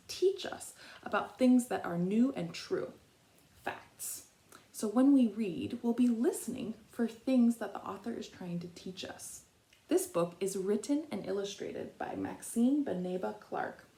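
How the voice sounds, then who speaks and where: Slow, clear woman teaching children. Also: medium pitch, dark tone, roomy sound. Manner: slow, clear teacher talk with call-and-response prompts. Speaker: trainee principal leading a school assembly. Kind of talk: reading a picture book aloud to children. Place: elementary school.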